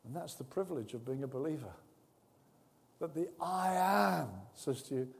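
A man preaching a sermon with earnest warmth, dropping to soft, intimate tones and rising to loud, emphatic bursts. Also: a little high, expressive, normal speed, creaky. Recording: long reverb of a large hall.

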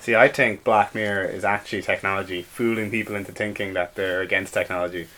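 Joking low-voiced man co-hosting a podcast. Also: fairly even intonation, fast talker, bright, forceful tone. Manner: dry, joking, laughs often. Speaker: podcast co-host. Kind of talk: casual chat.

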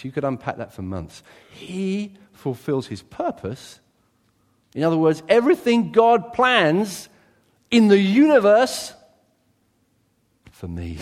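A man preaching a sermon as a pastor, animated, swinging from loud exclamations to quiet asides. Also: medium pitch. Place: church. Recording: reverberant church hall.

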